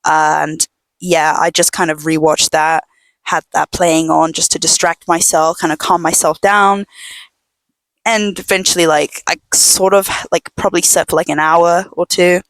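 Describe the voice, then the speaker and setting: A young woman hosting a casual podcast from home, telling a story in a rambling way full of "like" and fillers, sometimes dropping to a hush. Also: lowish voice, dry recording. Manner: drops to a hush at times. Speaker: podcast host. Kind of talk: casual chat.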